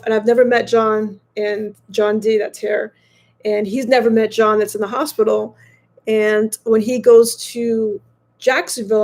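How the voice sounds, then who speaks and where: A woman in her fifties chatting casually to viewers from a hotel room, rambling and halting with many fillers and restarts. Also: a little high, a little mellow. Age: 50s. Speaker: motorcycle vlogger.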